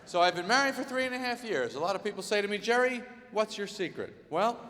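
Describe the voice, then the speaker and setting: A man performing a live stand-up routine in a large concert hall, with exasperated, incredulous observations and quick voice impressions. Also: sits high, lively intonation, background noise. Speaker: stand-up comedian. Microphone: soundboard feed from a stage mic. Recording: live hall board recording with faint reverb.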